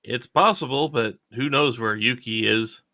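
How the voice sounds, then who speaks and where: Guy at a tabletop game, bright crisp voice, dry close mic, just explaining stuff. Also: medium pitch, unhurried, dry recording. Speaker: player.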